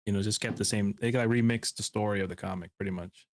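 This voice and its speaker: A man's voice: lowish voice, steady tone, fast. A man co-hosting a podcast in casual chat, easygoing and agreeable as he adds his take on an episode. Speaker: podcast co-host.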